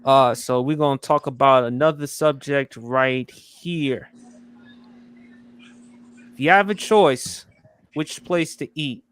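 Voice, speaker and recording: A man's voice: medium pitch, takes it slowly, long pauses, a bit bright, smooth. A man hosting a casual podcast who asks the others questions and tells anecdotes. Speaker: podcast host.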